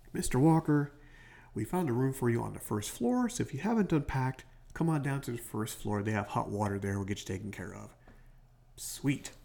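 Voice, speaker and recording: Gravelly man telling a rambling story. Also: mid-range voice, a little mellow. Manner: rambling, self-correcting storyteller. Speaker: podcast host. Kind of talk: casual late-night monologue. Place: hotel room. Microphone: home podcast microphone.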